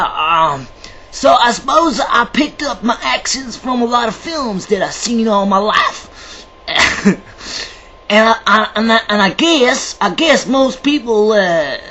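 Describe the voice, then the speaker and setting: A man's voice: high voice, bright, forceful tone, slight background noise, low-quality recording. A man vlogging to camera in a rambling, chatty way, theatrical and self-described as dramatic. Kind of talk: rambling casual monologue to camera.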